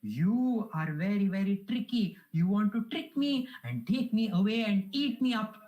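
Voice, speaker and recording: A woman's voice: mid-range voice, expressive, moderate pace, mellow, natural voice, poor audio. A woman voicing a young male lion cub raised among sheep, anxious and insistent. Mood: fearful.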